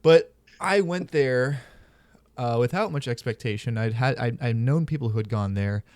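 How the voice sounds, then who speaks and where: A man's voice: mid-range voice, moderate pace, darkish tone, no room sound. A man hosting a podcast, telling stories in casual, candid and profane chat. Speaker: podcast host.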